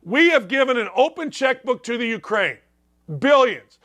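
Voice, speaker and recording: Ranting forcefully and emphatically, this middle-aged man hosts a sports talk show and keeps throwing out rhetorical questions to press his opinions. His voice is very high and bright, with lively intonation at a moderate pace.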